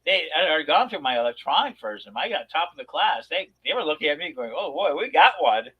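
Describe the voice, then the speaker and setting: A man on a talk show telling a long personal story in a rambling, animated way, with many restarts. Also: a little high, fast, slightly rough, highs cut off. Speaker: podcast co-host. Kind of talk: casual storytelling chat.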